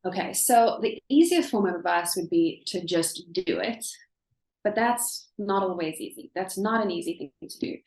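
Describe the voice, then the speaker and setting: Woman, South African accent, animated, thinks aloud, roomy echo. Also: mid-range voice, moderate pace. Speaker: English teacher, guest. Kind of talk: casual interview chat. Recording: echoey room.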